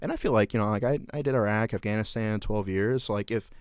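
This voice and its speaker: Low-voiced profane veteran podcast host. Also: male voice, fast talker, clear, resonant tone, no room sound, clean studio sound. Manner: profane, laughing storyteller with many fillers. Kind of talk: casual podcast chat.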